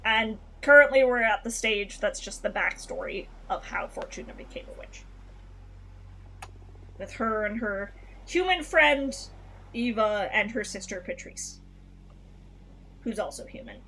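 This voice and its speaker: A woman streamer casually chatting through a game, animated, swearing often and laughing between lines. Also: medium pitch, a little slow, long pauses, a little hiss or hum.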